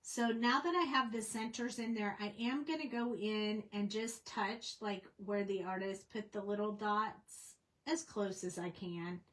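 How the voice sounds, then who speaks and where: A woman's voice: mid-range voice, steady tone, a little slow, fairly bright tone, low-quality recording. A woman casually teaching a coloring tutorial on a livestream, chatty and rambling with plenty of fillers. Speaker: craft instructor.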